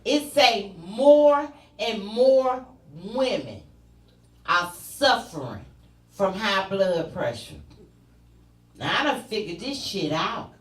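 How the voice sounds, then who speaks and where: A woman's voice: medium pitch, sing-song, slow pace, reverberant, recorded from a distance. A woman performing a stand-up comedy set, telling brash, bawdy stories with punchy repetition. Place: comedy club stage.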